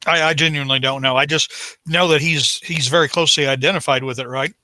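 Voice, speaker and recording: A man's voice: a little high, fairly even intonation, fast talker, sharp tone, dry recording. A man on a casual podcast reading out facts and adding dry jokes. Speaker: podcast co-host.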